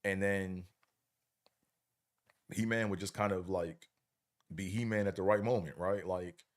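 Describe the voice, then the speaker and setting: A middle-aged man with a very low voice talks loosely on his livestream. His delivery is relaxed and slangy, and he rambles from point to point. He keeps turning to the audience to check they're following. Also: a little slow. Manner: laid-back, rambling, slangy, checks in with the listener often. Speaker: livestream host. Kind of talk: casual livestream chat.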